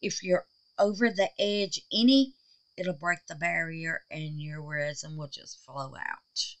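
A resin art channel host speaks in a low, measured voice while chatting with viewers in her home art room, addressing them as baby and darling. It's casual crafting vlog talk, and the audio quality is poor.

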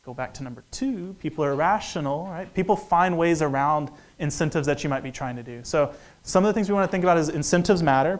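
Joking economics lecturer, fairly high voice. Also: male voice. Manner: joking, conversational, acts out dialogue. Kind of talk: lively lecture talk.

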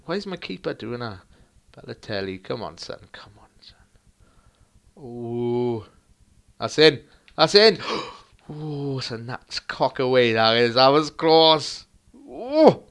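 A young man commentating his own football video game match, excitable and crude, muttering one moment and shouting the next. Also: mid-range voice. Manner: crude banter. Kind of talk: live gameplay commentary.

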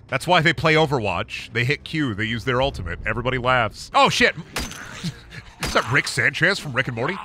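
A young adult man streaming a zombie game, with a bright, sharp voice that swings all over the place. He rambles from one joke to the next and swears freely. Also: a little high, big pitch swings, normal speed, soft background music. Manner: rambling, joking, profane asides. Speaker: gaming streamer. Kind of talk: casual game-stream commentary.

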